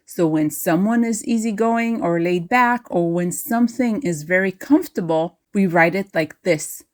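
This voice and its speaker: A woman teaching Hebrew names, speaking carefully and spelling out each pronunciation. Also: on the low side. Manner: careful, deliberate enunciation of each word. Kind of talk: slow, clear language lesson. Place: outdoors in wind, then indoors in a workshop.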